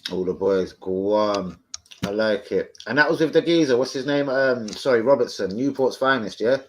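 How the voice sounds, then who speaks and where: A man's voice: mid-range voice, moderate pace, slight background noise. A man hosting a fan live stream, chatting casually, swearing freely and answering viewers off the cuff. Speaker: fan channel host.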